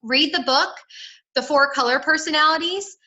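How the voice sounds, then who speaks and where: Upbeat woman, sales team leader, high and bright, direct coaching over a video call. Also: normal speed, poor audio. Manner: upbeat, direct, peppy sales pep talk.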